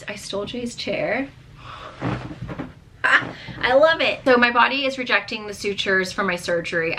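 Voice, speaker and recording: Woman, 30s, vlogger; bright, chatty, venting delivery with fillers. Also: mid-range voice. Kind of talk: candid casual chat to camera.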